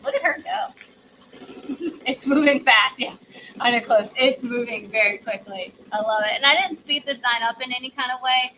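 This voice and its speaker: Hosting a live embroidery demonstration, this woman talks at a moderate pace in a bright, pushed, fairly high voice, gushing and laughing often. She's slightly stuffed up and says she's taking cold medicine, and the poor audio has a faint hiss or hum.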